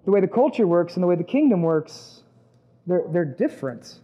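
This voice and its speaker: A man, perhaps in his twenties, preaching a sermon with a personal testimony, talking conversationally and rising to loud, emphatic peaks. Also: sits high, very animated, moderate pace, lo-fi sound. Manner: conversational, acts out quoted voices, rises to loud emphatic peaks.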